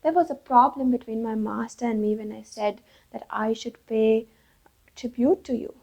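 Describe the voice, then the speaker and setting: A woman's voice: a little high, gravelly. Woman playing a wise old crow minister. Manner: calm, measured, conspiratorial. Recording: dull lo-fi recording.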